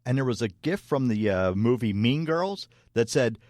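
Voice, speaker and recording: A man's voice: mid-range voice, animated, normal speed, darkish tone, no room sound, clean studio sound. Easygoing male hockey podcast co-host. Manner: easygoing, laughs often, many fillers. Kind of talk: casual sports chat.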